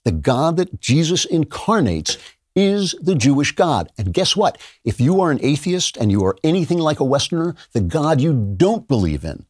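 A man's voice: fairly high pitch, big pitch swings, moderate pace, darkish tone, no room sound. An older man hosting a show, delivering an emphatic opinion monologue in a lecturing manner. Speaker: show host.

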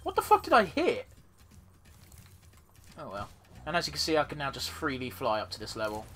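A man's voice: medium pitch, wildly swooping pitch, brisk, a bit bright. A man casually commentating his own gameplay as a let's play host, rambling and swearing freely.

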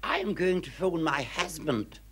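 Man doing a snooty Belfast lady, shrill, scolding, wildly swooping pitch, comic sketch. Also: very animated, a little slow, a bit bright, slight background noise. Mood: indignant. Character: snooty middle-aged well-off woman employer, suspicious and indignant.

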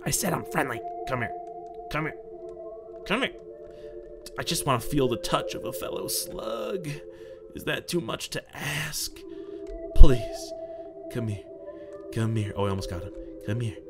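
A man giving jokey, excitable commentary while playing a game, swinging from loud outbursts to hushed muttering. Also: medium pitch. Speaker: gaming video creator. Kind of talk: let's play commentary.

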